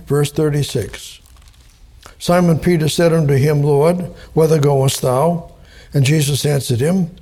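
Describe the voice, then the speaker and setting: A man teaching the Bible verse by verse, slow and deliberate, spelling out and repeating key words. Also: on the high side, warm tone.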